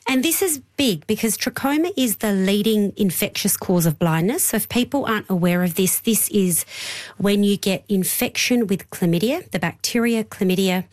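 Lady hosting health radio, clear explainer, studio mic. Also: medium pitch, normal speed, a little mellow. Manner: explains clearly, laughs easily. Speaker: radio health show host. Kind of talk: radio health news chat.

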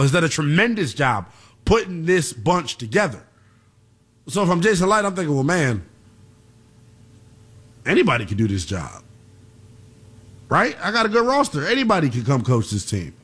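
Animated blunt sports talk host. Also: male voice, on the high side. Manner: animated, blunt, emphatic rhetorical questions.

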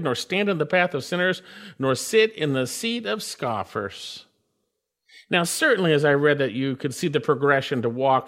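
A man's voice: high-pitched, fairly bright tone. A man preaching a sermon, reading scripture and stressing his points with emphatic, swelling exclamations. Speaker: pastor.

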